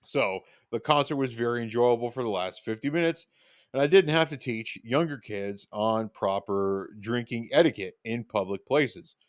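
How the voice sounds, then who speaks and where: A man's voice: medium pitch, normal speed, no echo, clean studio sound. A man telling personal stories in a casual, rambling monologue, with lots of fillers and restarts, acting out what he said back then. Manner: rambling, filler-heavy, reenacts his own lines. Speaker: podcast host telling stories.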